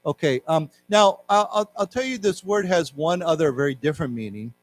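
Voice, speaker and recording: Male English teacher at a library talk, slightly high-pitched, explains words and has the class repeat them. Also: expressive, brisk. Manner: explains word meanings, leads class repetition. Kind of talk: live English lesson for learners. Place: library lecture room.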